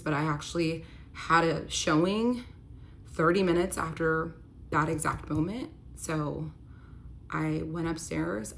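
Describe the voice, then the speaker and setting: In a candid storytime vlog, a young woman with a low, gravelly voice recounts a painful betrayal, close to tears and leaning heavily on "like." When she relives the argument, her voice rises into pleading. A faint hiss or hum sits under the recording.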